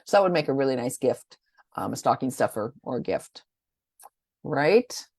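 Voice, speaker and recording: A woman's voice: extremely low pitch, very animated, normal speed, darkish tone, husky, no room sound, studio quality. A woman presenting products in a casual, rambling rundown. She talks chattily and often stumbles over names. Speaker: essential oil presenter.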